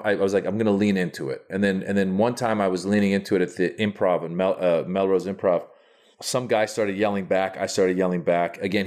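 A man telling a story as a guest comedian, animated, with frequent restarts and acted-out quotes. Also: fairly low pitch.

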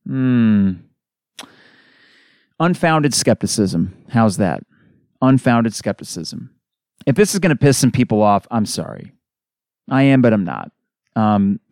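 A man hosting a solo sports podcast, ranting in an exasperated, animated way. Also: medium pitch, clear, resonant tone, dry recording, clean studio sound. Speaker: podcast host.

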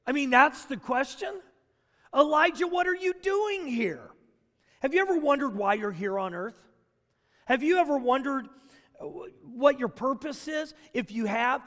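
High-voiced preacher in a big echoing hall. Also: male voice. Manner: dramatic, swings between loud and hushed. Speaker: pastor. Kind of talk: sermon. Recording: long reverb of a large hall.

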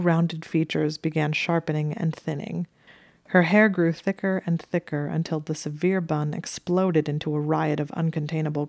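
Female audiobook reader, steady and measured, low pitch, dry studio sound. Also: creaky, no echo. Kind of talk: audiobook narration of fan fiction.

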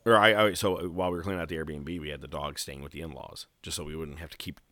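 A man co-hosting a casual wrestling podcast, animated and laughing often as he acts out quotes. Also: rumbling low, fast, no echo. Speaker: podcast co-host.

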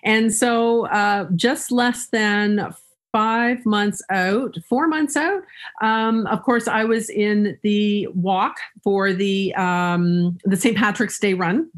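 A woman's voice: mid-range voice, slow pace. Upbeat woman telling stories with humor. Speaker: guest speaker. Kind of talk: storytelling in an interview.

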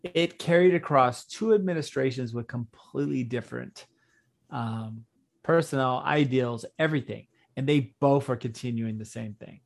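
A man's voice: medium pitch, moderate pace, vocal fry. A young man co-hosting a podcast in casual political chat, blunt and swearing, laughing often. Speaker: podcast co-host.

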